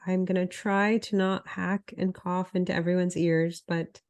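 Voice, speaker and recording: A woman's voice: on the low side, level tone, measured pace, a little mellow. A woman co-hosting a casual chat, sounding nasal and congested from a cold, chatty and self-deprecating. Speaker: podcast co-host, health coach.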